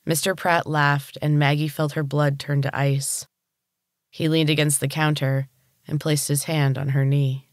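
Narrator for a dark audiobook: slow, unhurried pace, dry close mic. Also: mid-range voice, no room sound. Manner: steady, unhurried reading. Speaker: storyteller.

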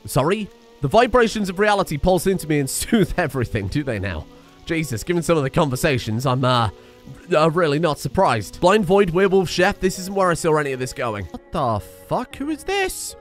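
A man commentating on a video game as a streamer, excitable, laughing and swearing often. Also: a little high, a little fast, soft background music. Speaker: gaming streamer. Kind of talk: let's play commentary.

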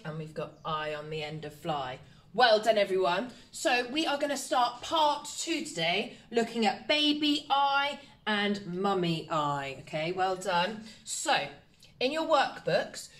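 Woman, primary teacher, slow and sing-song with a lively pitch, praises a lot, sounds out letters. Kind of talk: phonics lesson for young children. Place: home, recorded for online learning.

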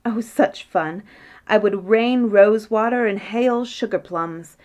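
A woman's voice: medium pitch, slow pace, darkish tone, close to an everyday voice. A woman voicing a giddy young princess in a storybook reading, eager and wheedling, drawing her pleas out. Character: giddy, laughing young princess begging for a whim.

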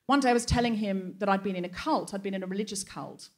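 A woman hosts a live comedy evening from a theatre stage, talking through a personal story in a loose, anecdotal way. Her voice sits at an ordinary middle pitch. She drops dry, wry punchlines into the telling. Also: quick pace. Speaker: host.

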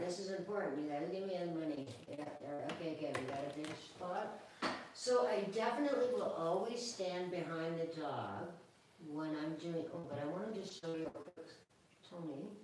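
Woman groomer, chatty, calm teaching tone, lowish voice, heard from off-mic in a very echoey room. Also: recorded from a distance, background noise. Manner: chatty and calm, talks to the dog. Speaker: dog groomer. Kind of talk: live grooming demonstration.

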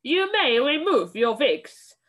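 A woman voicing a commanding old female witch leader in a harsh, rasping voice with rolled Rs, giving slow shouted orders. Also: fairly high pitch, sing-song, voice pushed up, heavily acted.

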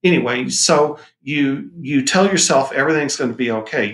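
Male teacher, casual and jokey, mid pitch, echoey classroom sound. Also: normal speed, fairly bright tone. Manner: casual, joking, acts out quoted lines. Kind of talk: recorded classroom lecture.

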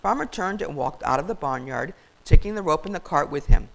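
An older woman reading a children's story aloud as a grandmotherly storyteller, in a warm, expressive way. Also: sits low, brisk, vocal fry, very noisy.

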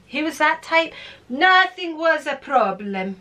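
Woman, 60s, rambling chatty storyteller, somewhat high, crisp bright tone. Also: very animated, slow. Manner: chatty, digressive, with frequent fillers. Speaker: vlogger. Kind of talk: casual storytelling.

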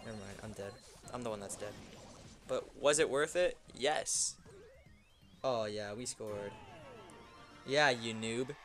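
A young man giving loose, excitable commentary over his own gameplay, swearing and shouting at wins and losses. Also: medium pitch, takes it slowly, pauses often, soft background music. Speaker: gaming YouTuber.

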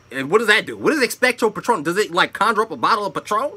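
Young man, commentary host, bright tone, wide pitch swings, profane rant, loud bursts and muttered asides. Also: very fast, few pauses, slightly rough. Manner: animated, profane, swings between loud outbursts and low asides.

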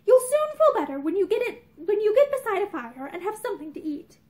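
An impulsive, kindly young gentleman pleads earnestly, his voice high and lively, as a woman reads him aloud. He coaxes rather than commands. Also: brisk. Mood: coaxing. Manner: coaxing, earnest.

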